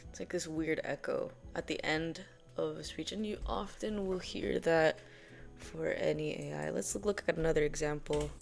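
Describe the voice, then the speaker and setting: A woman's voice: low-pitched, steady tone, moderate pace, vocal fry, faint music behind. Rambling, laughing woman host. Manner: rambling, with many fillers and frequent laughter. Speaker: video host. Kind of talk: casual explainer chat.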